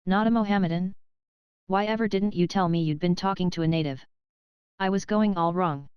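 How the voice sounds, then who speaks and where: A woman's voice: on the low side, moderate pace, clear, resonant tone, no echo, highs cut off, close to an everyday voice. A woman reading the part of a curt, dictatorial young male English official in an audiobook.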